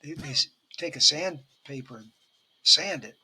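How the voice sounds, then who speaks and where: Bright, husky-voiced man spinning stories. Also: on the high side, expressive, a little slow. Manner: rambling storyteller, swears casually, laughs often. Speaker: podcast co-host. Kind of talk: casual chat.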